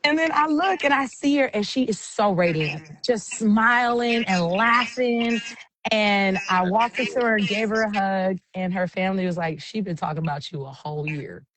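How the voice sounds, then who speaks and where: A woman's voice: mid-range voice, normal speed, a little hiss or hum. A woman who works as an event MC, casually telling stories in an interview and acting out the voices of people she quotes. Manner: animated storyteller, acts out quotes. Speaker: event MC, guest.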